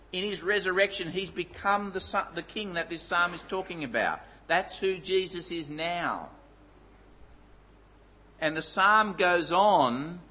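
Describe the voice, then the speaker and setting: A man preaching a sermon, emphatic, dropping to low, intense tones for stress. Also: muffled recording.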